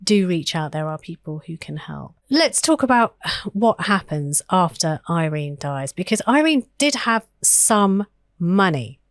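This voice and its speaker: An earnest woman co-hosting a history podcast, thinking aloud with fillers and restarts. Her voice sits a little low. The sound is dry and close. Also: big pitch swings, measured pace, no echo. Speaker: podcast co-host.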